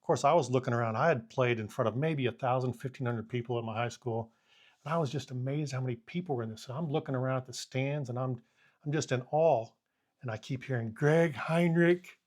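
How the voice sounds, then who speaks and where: A man in his fifties casually recounting his college football days. He tells the stories animatedly, acting out moments with quoted lines, in an ordinary male voice at a middle pitch. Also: quick pace. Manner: animated storyteller who acts out the scene with quoted lines. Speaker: former college punter and kicking coach. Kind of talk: casual anecdote telling.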